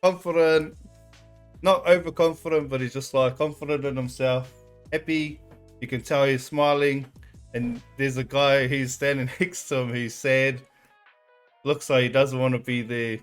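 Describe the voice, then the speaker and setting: A man's voice: medium pitch, steady tone, a little slow, soft background music. Laid-back man joking on camera. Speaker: reaction video host. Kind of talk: casual reaction chat.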